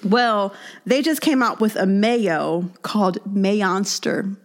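A young woman co-hosting a casual studio talk show, playful and animated, laughing often. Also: medium pitch, takes it slowly. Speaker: podcast co-host. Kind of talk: casual chat.

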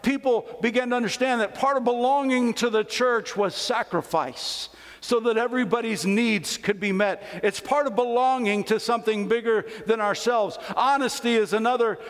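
A man in his fifties delivers a sermon in a conversational, storytelling manner. His voice sits notably high for a man. The church sanctuary lends a long, trailing reverb. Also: moderate pace, hardly any pauses. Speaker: preacher.

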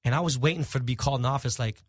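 Brief: middle-aged male guest, rapid and lively, swears freely, dry close-mic sound. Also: medium pitch, breathy edge, no echo. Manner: animated, profane, acts out quoted dialogue. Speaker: podcast guest. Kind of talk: casual storytelling.

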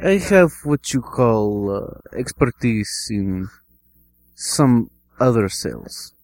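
A man's voice: medium pitch, animated, slow, darkish tone, no room sound. A man doing a sly Russian-accented job applicant. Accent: put-on Russian.

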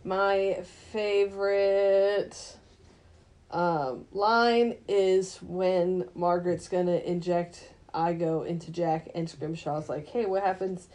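A woman's voice: lowish voice, steady tone, takes it slowly, darkish tone. A woman co-hosting a casual movie review podcast, laughing often between her points. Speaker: podcast co-host.

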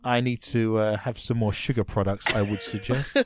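A man's voice: fairly low pitch, level tone, moderate pace, dull audio, crowd noise. A man hosting a comedy podcast quiz, playful and teasing, full of puns. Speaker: quiz host.

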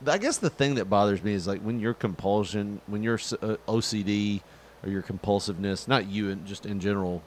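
A middle-aged man chatting casually, rambling with fillers and jumping into animated quoted voices. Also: brisk, a little hiss or hum. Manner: animated storyteller, jumps into high-pitched quoted voices; rambling, many fillers and restarts. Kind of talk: casual chat.

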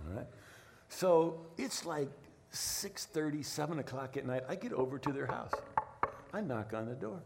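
Middle-aged male pastor, sermon storytelling, animated delivery with lots of pitch movement, repeats words. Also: normal speed, vocal fry, a little hiss or hum.

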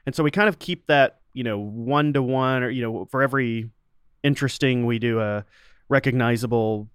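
Give me a middle-aged man in a casual interview, mid-pitched and rambling, recorded dry. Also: normal speed, clear, resonant tone, no room sound. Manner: rambling, many restarts and fillers. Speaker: podcast host and sound designer, interview guest.

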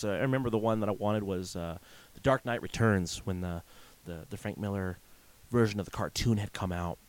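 A man's voice: fairly low pitch, fairly quick. A man in his thirties in a casual ranting monologue, telling exasperated stories and acting out quotes. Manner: exasperated, storytelling with acted quotes. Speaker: vlogger.

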